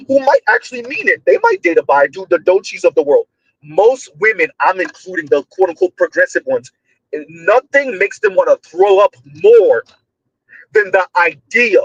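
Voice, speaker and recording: A man with a notably high voice runs a heated commentary, loud and emphatic, often close to shouting. He leans on slang, repeats himself and fires off rhetorical questions. The recording is dry and a little dull, with no room sound. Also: husky, no room sound. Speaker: online commentator.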